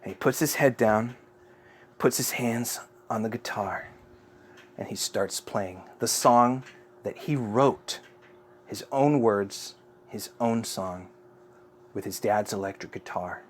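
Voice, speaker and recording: A man's voice: lowish voice, slow, long pauses, slight background noise. A man, a father, telling an improvised story to his child in a chatty, rambling way with many fillers. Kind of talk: improvised bedtime-style storytelling.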